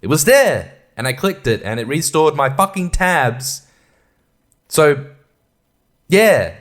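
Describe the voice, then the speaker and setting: A man's voice: a little high, big pitch swings, slow. Profane ranting male podcaster. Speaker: podcast host. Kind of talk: casual ranting monologue.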